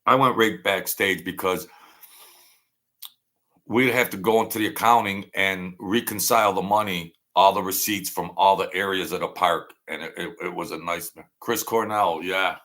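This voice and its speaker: A man's voice: low voice, fairly even intonation, normal speed, fairly bright tone. A man hosting a casual livestream, telling meandering stories that trail off and restart. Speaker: livestream host. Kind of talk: rambling casual storytelling.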